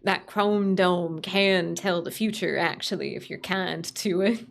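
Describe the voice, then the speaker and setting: A woman's voice: on the low side, fairly even intonation, measured pace, vocal fry. A young adult woman streaming, chatting casually with her chat, repeating greetings and laughing often.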